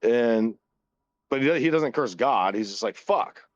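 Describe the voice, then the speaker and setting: At a measured pace, a man in his thirties speaks in a mid-range voice while co-hosting a casual podcast, loosely retelling a story amid constant swearing and frequent laughter. No room sound is present; the recording is dull, dry and lo-fi.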